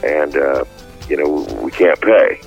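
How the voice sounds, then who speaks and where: An older man, a former music executive, telling an anecdote in a relaxed way with a husky voice. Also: a bass voice, takes it slowly. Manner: relaxed storyteller with fillers. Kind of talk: recalled anecdote. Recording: slightly muffled interview recording.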